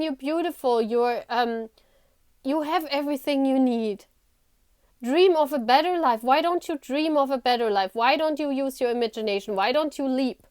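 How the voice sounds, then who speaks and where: A woman voicing a gentle, wise inner child that coaxes its owner, speaking in a soothing, encouraging way. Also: high voice, no echo, clean studio sound, lightly acted. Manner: soothing and coaxing.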